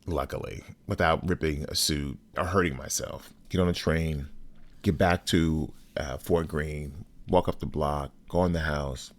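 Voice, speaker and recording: Deep-voiced man telling a personal story. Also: steady tone. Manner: measured, deliberate retelling with blunt cursing. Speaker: podcast host.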